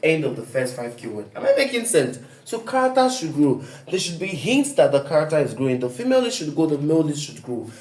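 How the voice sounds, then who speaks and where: A man's voice: a little high, sing-song, fast, hardly any pauses, a little mellow. Emphatic male writing coach, echoey room. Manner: emphatic, asks "do you get me?" often; fill-in-the-blank questions to listeners. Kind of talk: online writing lesson.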